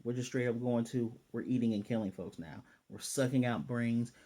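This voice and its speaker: A young man casually recapping a cartoon episode, rambling and slipping into quick quoted asides. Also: medium pitch, mellow. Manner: rambling, retells scenes with quick voiced asides. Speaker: anime reviewer.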